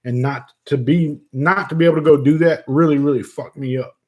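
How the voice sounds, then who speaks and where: A man's voice: fairly high pitch, fairly even intonation, brisk, darkish tone. A middle-aged man, hosting a casual livestream, reading viewer comments and joking with lots of cursing and laughter. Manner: profane, joking, laughs often. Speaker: vape channel host.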